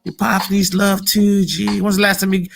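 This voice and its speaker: Fired-up man cursing, bright voice. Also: high voice, level tone, moderate pace, gravelly, faint music behind. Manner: profane, heated, repetitive street slang. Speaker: motivational vlogger. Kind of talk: casual motivational rant.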